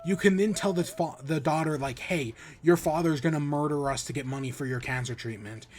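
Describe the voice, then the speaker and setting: A man on a podcast retelling a game's plot in a loose, rambling way. He swears freely and stumbles through restarts. His voice sits a bit high for a man. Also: a little fast. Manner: rambling, profane, animated retelling with many restarts. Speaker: podcast host. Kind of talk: casual spoilery game review.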